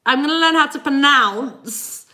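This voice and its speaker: A high, sharp voice with no hurry to it belongs to this forty-something Englishwoman with an English accent. She runs live energy readings on a stream, chatting with viewers and laughing often.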